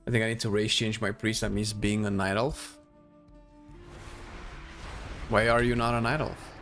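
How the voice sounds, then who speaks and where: A man giving casual commentary while playing a game, animated and swearing as he plays. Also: on the low side, brisk, soft background music. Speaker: gaming streamer.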